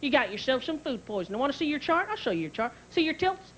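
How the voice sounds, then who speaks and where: A woman comedian voicing a brusque, bossy male hospital doctor in a lower scolding voice. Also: very animated, fast talker, a bit bright, low-quality recording. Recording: live crowd and noise.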